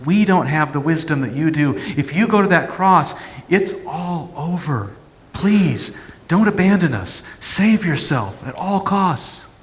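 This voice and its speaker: A pastor voicing panicked disciples who beg urgently, in a reverberant church. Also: male voice, on the high side, lively intonation, a little slow, pitched above the performer's own voice. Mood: begging. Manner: pleading, urgent. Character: desperate disciples, begging and panicked.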